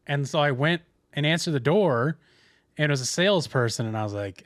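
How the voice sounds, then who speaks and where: A man's voice: mid-range voice, animated, fairly quick, dry recording, clean studio sound. Rambling young man telling a story. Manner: rambling storyteller, many restarts and quoted asides. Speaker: podcast co-host. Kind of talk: casual chat.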